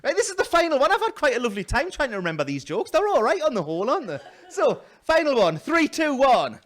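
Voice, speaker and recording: A man doing a stand-up comedy set in a small venue, telling a story loudly with put-on voices and self-mocking asides. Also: very high-pitched, wildly swooping pitch, fast talker.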